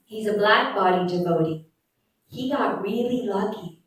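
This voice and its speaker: A young woman teaching a children's religious class in a temple hall, slow and patient, quizzing the kids as she goes. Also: mid-range voice. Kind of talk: religious lesson with chanted verses. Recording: very echoey hall, mic far off.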